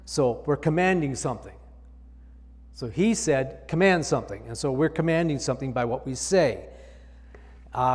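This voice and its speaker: A man's voice: mid-range voice, moderate pace, long pauses, long reverb tail. A male pastor preaching a sermon, reading scripture aloud and explaining it with emphatic repetition.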